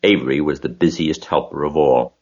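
Male audiobook narrator, deep and steady, lo-fi sound. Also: fairly quick. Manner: steady, expressive reading.

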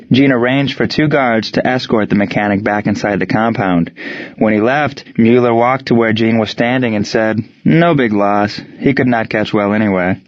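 A man narrating a story in even, steady scripted narration. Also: on the low side, no echo. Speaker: audiobook narrator. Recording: dry, dull lo-fi sound.

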